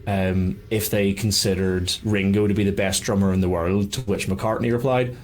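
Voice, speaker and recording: A man's voice: deep voice, fairly even intonation, normal speed, few pauses, a little hiss or hum. A man narrating as game master for a tabletop game, rambling and self-deprecating.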